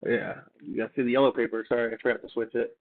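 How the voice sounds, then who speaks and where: A man reading old documents aloud and adding offhand, halting remarks as he thinks aloud. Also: medium pitch, level tone. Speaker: channel host. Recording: tinny phone-like sound.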